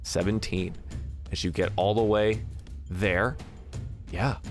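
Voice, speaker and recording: A man narrating as game master in a relaxed, chatty way with frequent fillers. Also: lowish voice, takes it slowly, soft background music.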